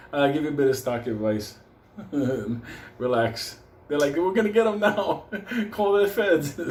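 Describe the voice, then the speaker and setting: A host in a loose, joking rant speaks at a medium pitch with a slightly mellow tone. Profanity fills his rambling, and he laughs often; the recording has a roomy echo and faint background noise.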